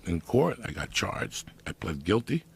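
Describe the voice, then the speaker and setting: Deep gravelly guy swearing his way thru a story, voice bouncing all over. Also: measured pace, slight background noise. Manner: profane, animated storytelling. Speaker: guest storyteller. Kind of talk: casual podcast storytelling.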